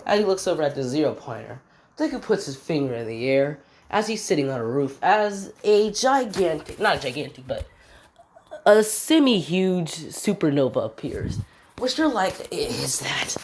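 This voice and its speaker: Woman storyteller, low voice with lively swings, loose rambling delivery, keeps correcting herself. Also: moderate pace. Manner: rambling, self-correcting, filler-heavy. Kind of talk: casual fan-fiction retelling.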